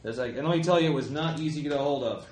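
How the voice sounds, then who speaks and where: Man playing blunt american informant on the radio, crude, halting, roomy sound with faint hiss. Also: fairly high pitch, darkish tone, lightly acted. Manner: casual, crude, halting with fillers.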